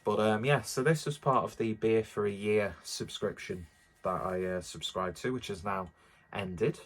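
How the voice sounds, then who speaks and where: A man's voice: lowish voice, moderate pace, vocal fry. A man reviewing a beer in a rambling, self-deprecating way with lots of fillers, a little out of breath. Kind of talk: casual beer review vlog.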